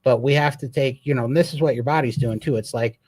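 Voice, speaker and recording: An earnest, emphatic man from Montana hosts a live Q&A and talks like he is telling a story. His voice sits at a middle pitch, and the sound is dry and close. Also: fast talker, darkish tone, husky, no room sound. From Montana, USA. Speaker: host. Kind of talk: live Q&A chat.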